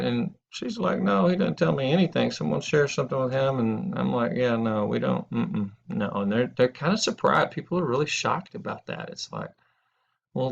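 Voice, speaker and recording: A man's voice: mid-range voice, gravelly. A middle-aged man teaching a recorded lesson in a casual, rambling way, telling anecdotes and correcting himself as he goes. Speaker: instructor. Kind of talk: casual lecture video. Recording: dull lo-fi audio.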